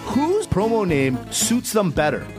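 A man's voice: high-pitched, huge pitch swings, a little slow, over music. A man co-hosting a wrestling chat show, playful and emphatic as he throws out questions to the others. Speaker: co-host. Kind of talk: casual sports chat.

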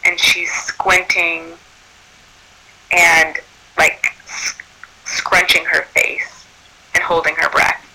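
A male birth doula tells a true personal story in a lively, animated way, acting out quoted speech. His high voice sounds sharp and tense with a gravelly rasp underneath, and the audio is poor.

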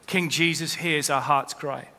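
A man's voice: on the high side, fairly even intonation, a little slow, sharp tone. A man preaching a sermon as pastor, with rising emphasis as he quotes scripture. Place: church. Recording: long hall reverb.

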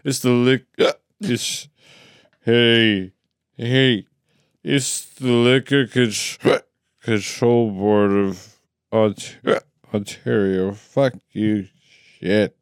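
A man's voice: sits low, steady tone, fast talker, hardly any pauses, darkish tone, dry recording, studio quality, pitched below the performer's own voice, lightly acted. A man imitating a sloppy drunk man with slurred, hiccuping speech.

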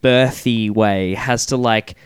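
A man's voice: fairly low pitch, slow, smooth, dry recording, studio quality. A man hosting a casual podcast chat, rambling and profane as he tells stories. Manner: rambling, profane, animated storytelling. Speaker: podcast host.

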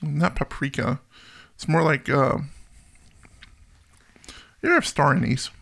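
A man's voice: fairly high pitch, unhurried, gravelly, a bit bright. A man co-hosting a podcast in casual chat, chatty and laughing often. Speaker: podcast co-host.

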